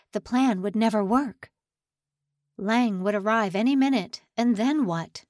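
A woman's voice: medium pitch, darkish tone, no room sound, clean studio sound. Woman narrating a suspense novel. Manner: dramatic, building tension. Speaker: audiobook narrator. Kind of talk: scripted narration.

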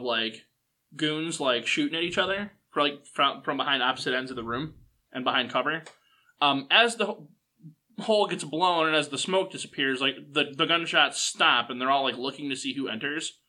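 Bright-voiced male game master. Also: on the high side. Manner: loose, chatty narration with many fillers. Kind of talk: narrating a tabletop game.

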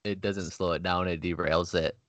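A man's voice: deep voice, fairly even intonation, moderate pace, a bit bright, dry recording. A man on a podcast making short, blunt, emphatic remarks during casual banter.

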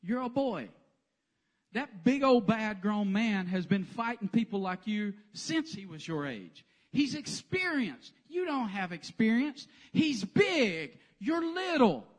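A man's voice: sits high, big pitch swings, slow, voice pushed up, heavily acted. A man playing a doubtful king who lectures a boy bluntly in short jabs. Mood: scolding.

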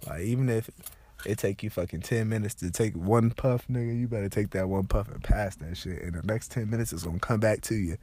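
A man's voice: fairly low pitch, a little fast, breathy edge. A young man with a congested, stuffed-up voice, telling loose, profane stories in a casual rant. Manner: loose, profane, animated storytelling.

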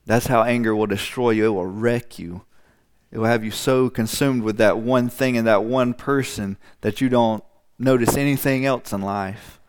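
A male pastor delivers a sermon in a smooth, resonant voice. He hammers points home through repetition and slips into acted-out voices to illustrate them. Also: medium pitch, fairly even intonation, moderate pace, few pauses. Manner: emphatic repetition, acts out voices.

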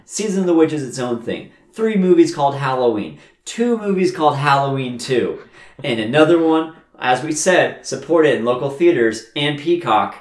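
A man co-hosting a casual movie review podcast, rattling off sarcastic plot recaps with quick put-on quotes. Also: mid-range voice, expressive, roomy sound, slight background noise. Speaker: podcast co-host.

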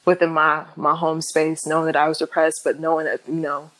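An interview guest, a young woman, speaks frankly yet haltingly, with frequent fillers and restarts, growing lively when she quotes what others said. She has a deep voice, captured in a low-quality recording.

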